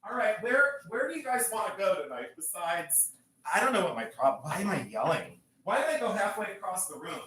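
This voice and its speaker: A man hosting a live jewelry and art sale stream, talking in a chatty, excitable way with self-mocking banter from a room at home. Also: sits high, fairly quick. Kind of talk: live-stream selling chat.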